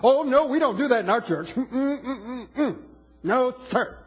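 A man's voice: very high-pitched, animated, unhurried. A man voicing a stubborn churchgoer who refuses to show open worship, mocking and indignant in tone.

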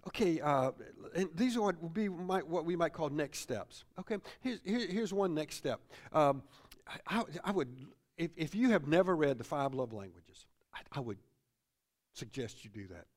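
A middle-aged male pastor delivers a sermon with a high, lively voice that swings up and down. He repeats himself and tags his points with "see?". His delivery is loose and conversational, as if speaking from the pulpit of a church. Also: moderate pace. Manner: animated preaching, repeats phrases, tag questions like "see?".

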